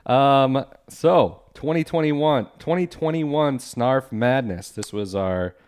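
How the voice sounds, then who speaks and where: A man's voice: mid-range voice, slow pace, a little mellow, smooth. A man co-hosting a podcast in casual chat, joking and teasing his co-host.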